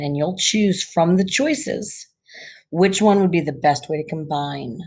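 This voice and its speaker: This is a woman teaching a recorded grammar lesson. Her voice sits low and has a breathy, husky edge. She explains step by step and reads example sentences aloud at an unhurried pace. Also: a little mellow.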